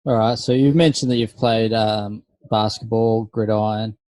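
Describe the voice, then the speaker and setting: A man's voice: on the low side, normal speed, no room sound. A man co-hosting a podcast, casually putting questions to a guest. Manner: relaxed, encouraging questioner. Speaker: podcast co-host. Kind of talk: casual interview chat.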